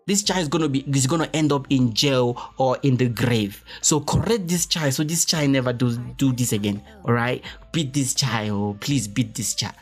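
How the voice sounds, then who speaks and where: A man voicing a scandalized West African neighbor who scolds a child and urges the parent on, in a West African accent. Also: husky. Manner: shrill, outraged, egging on.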